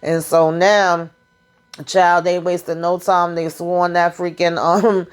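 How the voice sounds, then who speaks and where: A woman talks through a TV episode in a loose, casual recap. Her voice sits a little low, and she tells it in a sassy, chatty way with plenty of asides and quoted lines. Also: little pitch movement, takes it slowly, smooth. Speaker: TV show recap vlogger.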